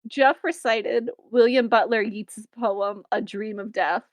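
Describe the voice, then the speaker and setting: A woman's voice: a little high, fairly even intonation, slow, no room sound. A young woman co-hosting a podcast, casually recapping a film with wry asides and frequent laughter. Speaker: podcast co-host.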